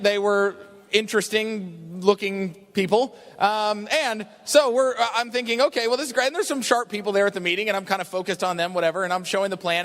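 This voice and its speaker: A man telling an animated story to an audience at a business talk, chatty and often asking "right?". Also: sits high. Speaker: business opportunity speaker. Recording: long reverb of a large hall.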